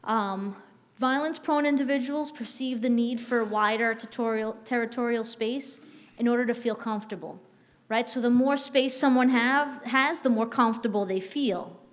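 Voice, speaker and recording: A woman with a slightly high voice runs a workplace training session. She talks conversationally, with many "um" pauses and a habit of asking "right?". Her voice carries a long reverb, as in a big room. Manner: frequent "um" fillers and restarts. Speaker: staff trainer.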